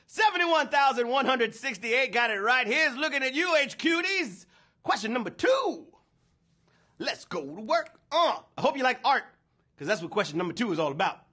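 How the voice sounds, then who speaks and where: A man hosting a live trivia game show, energetic and playful, talking slangy to the players. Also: extremely high pitch, moderate pace. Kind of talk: hyped livestream hosting.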